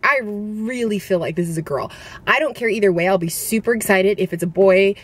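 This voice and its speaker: A woman's voice: mid-range voice, animated, fairly quick, husky. A young woman vlogging in a casual, rambling, giggly way with lots of fillers, a little out of breath as she talks. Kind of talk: casual chatty vlog.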